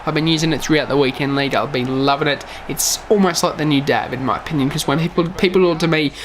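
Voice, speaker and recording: A man's voice: a little high, fast, a little hiss or hum. Tired lad commentating his game. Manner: calls each play, says "lads" often. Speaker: gaming YouTuber.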